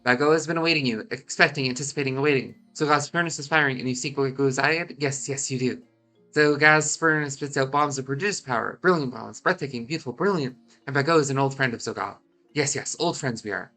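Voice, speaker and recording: A man's voice: medium pitch, fairly quick, bright, forceful tone, soft background music. A congested Scottish man voicing a small eccentric kobold creature who repeats himself and strings together synonyms. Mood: fawning. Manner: repeats himself, listing near-synonyms, hissing "yes, yes".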